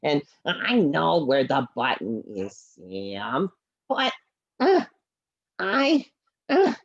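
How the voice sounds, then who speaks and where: A woman's voice: low voice, wildly swooping pitch, husky, dry recording, dull audio, voice pushed down, exaggerated voice. A woman voicing a glum, frustrated male felt animal puppet who sighs and sulks, in a puppet show over a video call. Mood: dejected. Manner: mopey, sighing, slow and sulky.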